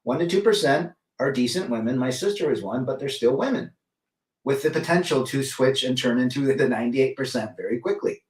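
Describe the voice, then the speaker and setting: A man's voice: mid-range voice, lively intonation, brisk, darkish tone. Blunt man in an echoey room. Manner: blunt, opinionated, greets chatters by name. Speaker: livestream host reading chat. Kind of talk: casual livestream chat. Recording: roomy echo, mic at a distance.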